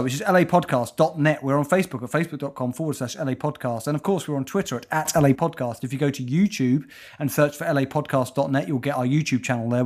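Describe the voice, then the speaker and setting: A man's voice: medium pitch, a little mellow. A man co-hosting a comedy podcast, teasing and sweary, with theatrical sign-offs. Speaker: podcast co-host. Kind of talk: casual comedy chat.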